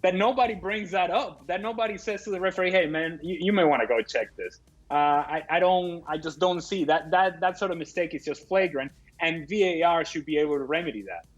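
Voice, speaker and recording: A male football pundit speaking haltingly, restarting his sentences in casual chat. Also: sits high, highs cut off.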